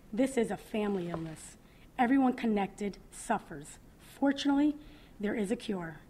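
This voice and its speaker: Woman in her thirties, mother, reading her testimony, earnest, emotional, halting pauses, mid pitch. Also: a little mellow. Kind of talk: reading a personal testimony aloud. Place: public event, speaking at a podium.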